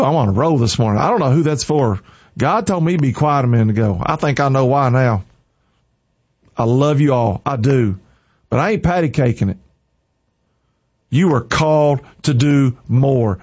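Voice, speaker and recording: Man, informal sermon, fervent punchy exhortations, mid-pitched voice, slightly dull recording. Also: a little mellow. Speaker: preacher.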